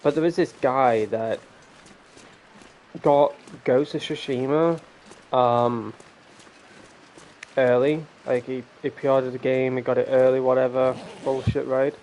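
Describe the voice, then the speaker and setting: A man's voice: medium pitch, fairly even intonation, takes it slowly, pauses often, a little mellow, slight background noise. Rambling man ranting over gameplay. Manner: rambling, ranting, swears freely. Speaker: gaming channel host. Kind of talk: casual gameplay commentary.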